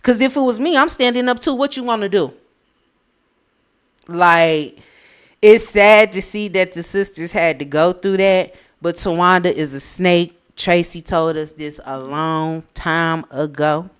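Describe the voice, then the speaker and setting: A woman co-hosting a casual reality TV recap podcast, speaking in with a blunt, opinionated, animated manner. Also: fairly low pitch, measured pace, clean tone. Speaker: podcast co-host.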